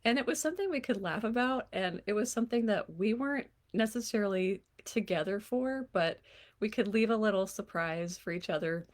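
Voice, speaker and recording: A woman in her forties, a life coach, talking casually and warmly, laughing often and now and then slipping into a playful voice. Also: medium pitch, a little fast. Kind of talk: casual solo talk to camera.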